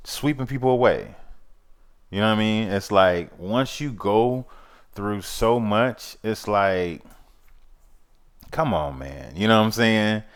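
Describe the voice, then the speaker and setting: A man's voice: lowish voice, clean tone. A man hosting his own vlog, talking in a rambling, earnest and somewhat preachy way, often repeating "you know what I mean". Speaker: vlog host. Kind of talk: casual monologue.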